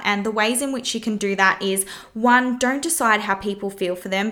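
A woman's voice: medium pitch, a bit bright. A woman hosting her podcast, giving frank relationship advice in a casual monologue, swearing freely and asking rhetorical questions. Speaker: podcast host.

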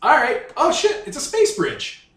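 Male game master, high voice, rambling and excitable, echoey room sound. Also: a little slow. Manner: rambling, excitable, full of fillers. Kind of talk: narrating a tabletop game.

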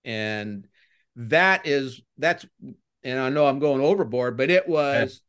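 An older man, a former baseball coach, chatting as a podcast guest and telling rambling stories that get animated when he retells crowd chants. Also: medium pitch, slow, smooth. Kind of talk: casual podcast interview, storytelling.

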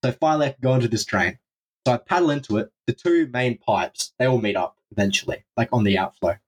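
A young man with a husky, breathy voice recounts a misadventure as a podcast guest. His delivery is animated and loose, with plenty of swearing as he acts out his own reactions. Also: medium pitch, fast talker. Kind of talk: storytelling in a casual interview.

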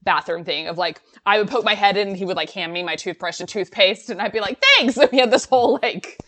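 A woman's voice: mid-range voice, fast talker, a bit bright. A woman co-hosting a podcast, chatting casually about a sitcom episode, laughing often and trailing off mid-thought. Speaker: podcast co-host.

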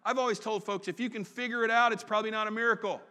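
Bright-voiced preacher in a hall. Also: male voice, high-pitched, fairly even intonation. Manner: folksy, conversational preaching with quick asides. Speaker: pastor. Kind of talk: sermon. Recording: long reverb in a large hall.

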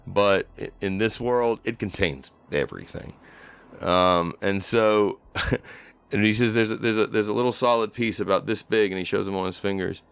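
A man's voice: on the low side, normal speed, vocal fry, fairly bright tone, clear, resonant tone, no room sound. A man playing a tabletop role-playing game, describing his character's actions hesitantly, with many fillers. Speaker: player.

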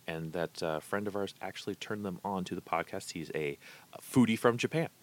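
A man's voice: deep voice, a little fast, a little hiss or hum. A man with a Midwestern American accent hosting a casual podcast chat about a restaurant, talking in a rambling way with fillers and restarts. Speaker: podcast host.

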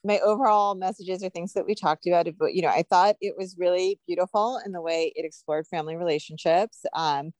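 A woman's voice: fairly low pitch, fairly even intonation, a little fast, few pauses, a little mellow. A woman from New Jersey co-hosting a podcast in casual chat, laughing often. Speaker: podcast co-host.

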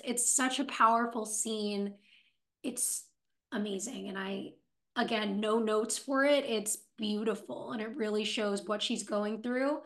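A woman co-hosting a casual TV recap podcast, her voice pitched somewhat high. She talks in a reflective, analytical way about characters' feelings. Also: fairly bright tone. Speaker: podcast co-host.

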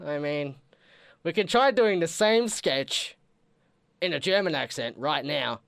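A man's voice: fairly high pitch, lively intonation, unhurried, vocal fry, a bit bright, no echo, clean studio sound. A man co-hosting a comedy podcast, plugging shows in a playful, joking way. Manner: playful, promotional. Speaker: podcast co-host.

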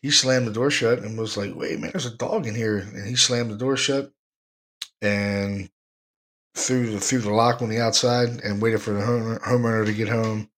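A man's voice: on the low side, steady tone, moderate pace, a bit bright. A man hosting a podcast, telling a ghost story in a rambling, laid-back way and chuckling now and then. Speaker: podcast host, paranormal investigator. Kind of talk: casual storytelling.

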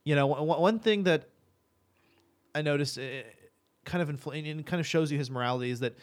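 A man's voice: on the high side, fairly quick. A man hosting a casual gaming podcast. He rambles, restarts his sentences and laughs often.

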